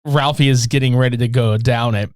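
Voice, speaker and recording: A man in a casual podcast chat, recounting movie scenes with plenty of cursing and an easygoing, amused delivery. His voice sits at an ordinary middle pitch, recorded close and dry with no room sound. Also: fairly even intonation, fairly quick, clear, resonant tone, no room sound. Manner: profane, laid-back scene retelling. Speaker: podcast co-host.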